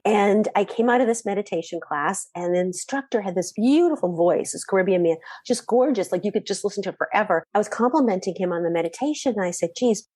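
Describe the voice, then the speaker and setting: A middle-aged woman from the Boston area, a mindset coach telling stories as a guest in a chatty, animated way. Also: medium pitch, fast talker, hardly any pauses, dry recording. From Boston area, USA. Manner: animated, chatty, frequent fillers. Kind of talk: conversational storytelling.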